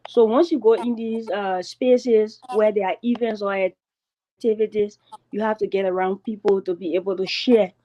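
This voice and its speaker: Woman panelist; mellow, warm tone; plain, repetitive advice. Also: medium pitch, steady tone, normal speed, lo-fi sound. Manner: plain advice, repeats phrases. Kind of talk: panel discussion.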